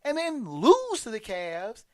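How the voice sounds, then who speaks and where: A man's voice: very high voice, wildly swooping pitch, slow pace. A man delivering a sarcastic, emphatic sports commentary monologue, stumbling and restarting often.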